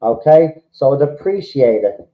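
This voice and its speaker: A man's voice: medium pitch, expressive, measured pace, highs cut off. An Irish man from the Republic of Ireland hosting a fan livestream, ranting heatedly and swearing, often repeating himself. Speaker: fan channel host. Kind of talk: livestream rant to chat.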